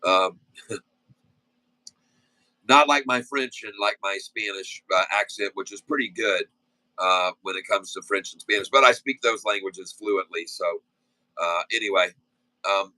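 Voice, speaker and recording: A man with a forceful, bright voice talks his way through a live day-trading stream in a loose, folksy way, drifting between stock calls and chatty asides full of fillers. The sound is dry and close, with no room echo. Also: fairly low pitch, measured pace. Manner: rambling, folksy, easygoing, many fillers and asides. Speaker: day-trading livestream host. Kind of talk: casual live-stream chat and stock commentary.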